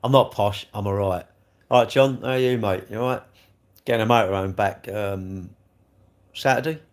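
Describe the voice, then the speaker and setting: A man's voice: lowish voice, normal speed. A man, hosting a live stream and rambling jokily as he answers viewers' comments. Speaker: livestream host reading chat. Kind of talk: casual live chat.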